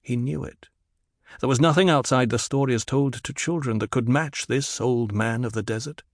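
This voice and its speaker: A man narrating a novel in an even, descriptive reading. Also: mid-range voice, normal speed, no echo, clean studio sound. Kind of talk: audiobook narration.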